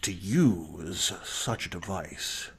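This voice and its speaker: A man doing a comic impression of a stern male alien warrior officer, slow and solemn, stressing odd words. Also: sits low, lively intonation, a crowd in the background, voice pushed down, exaggerated voice. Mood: grave. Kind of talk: comic impression in casual chat.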